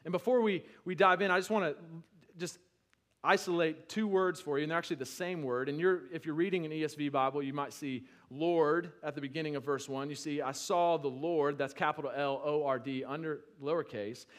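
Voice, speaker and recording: A male pastor preaching a sermon, conversational with restarts, building to loud emphatic peaks and then dropping low. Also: fairly even intonation, brisk.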